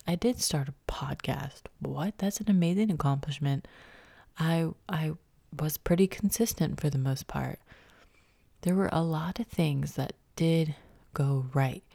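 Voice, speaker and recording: A woman with a low, warm, gravelly voice hosts a solo motivational podcast, often dropping into a breathy half-whisper. She sounds a little stuffy from a cold and stays upbeat and encouraging. The recording is close and dry. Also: dry recording. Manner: upbeat, encouraging, laughs at herself. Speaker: podcast host.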